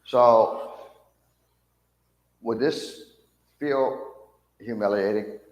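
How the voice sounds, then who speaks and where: A man's voice: mid-range voice, drawn-out words, dull audio. A man leading a church Bible class, questioning the class and acting out the lines of the people in the story he teaches. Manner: animated, acts out mocking soldiers' voices, asks the class questions. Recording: echoey room with long reverb.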